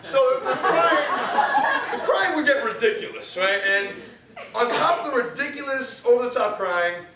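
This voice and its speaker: Young male comic, high animated voice; live stage with audience laughing. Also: a little slow, a crowd in the background. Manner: animated storytelling, laughing through lines. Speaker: stand-up performer. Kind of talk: solo comedy show. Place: theater stage. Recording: roomy theater, distant mic, audience laughter.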